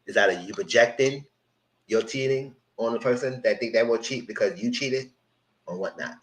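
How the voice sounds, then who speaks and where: A man's voice: mid-range voice, moderate pace, poor audio. A man hosting a live recap of a reality TV show, talking casually and acting out what the cast said. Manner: animated, acts out quotes in voices. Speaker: TV recap host. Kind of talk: casual live-stream commentary.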